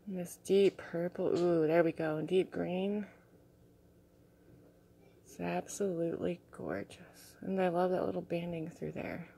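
A young woman vlogging casually as she shows her crystals and artwork, gushing and soft-spoken and often dropping to a hushed tone. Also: on the low side, fairly even intonation, measured pace, creaky, long pauses, slight background noise. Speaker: vlogger showing crystals and art. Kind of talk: casual show-and-tell vlog.

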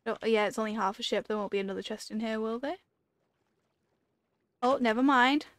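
A woman who makes gaming videos plays a video game while giving casual commentary, talking to herself and breaking into panicked, repeated pleas. Her voice is on the high side and clean, fairly quick, and the recording is dry. Her manner is chatty and rambling, storytelling with plenty of fillers.

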